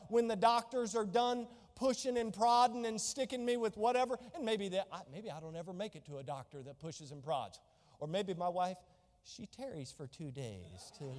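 A man's voice: high-pitched, big-room sound. A man preaching a sermon as pastor, fervent and exclamatory, reading and explaining scripture.

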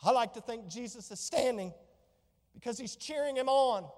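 A woman's voice: on the high side, a little slow, pauses often, a little mellow, in a large hall. A woman preaching a sermon with fervor, piling up rhetorical questions. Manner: fervent, stacked rhetorical questions.

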